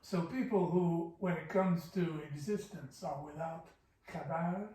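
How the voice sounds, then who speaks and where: Slow, careful man in an echoey room. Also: fairly high pitch, dark tone, recorded from a distance, slight background noise. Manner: slow, careful scansion, sounding out syllables. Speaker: teacher of classical Persian poetry. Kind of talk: explaining poetic meter.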